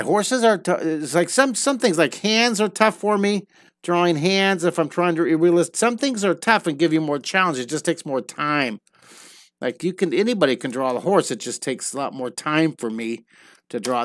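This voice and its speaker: A man's voice: fairly high pitch, animated, normal speed, no room sound, studio quality. A man teaching a live online drawing lesson, chatting playfully and telling silly stories as he draws. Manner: playful, storytelling while drawing.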